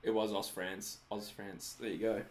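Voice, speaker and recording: A man's voice: lowish voice, little pitch movement, normal speed, darkish tone, a little hiss or hum. An Australian man hosting a live stream, chatting casually while watching a match, laughing often and answering viewers' comments. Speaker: livestream host.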